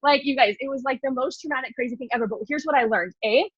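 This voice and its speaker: A fast-talking woman with a high voice tells a story to a group in a loose, animated way, packed with fillers. The sound is dry and a bit dull and lo-fi. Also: husky, no room sound. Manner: animated, filler-heavy, lots of "like". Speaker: speaker at a mindset meeting.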